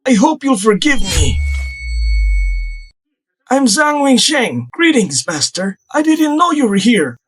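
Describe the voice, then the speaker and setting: A man's voice: very high-pitched, big pitch swings, slow pace, pauses often, a bit bright, slightly rough, heavily acted. A man voicing a young male disciple who turns from smug to groveling, in a dubbed drama. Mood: fawning. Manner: pleading, wailing. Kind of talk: fan drama dubbing.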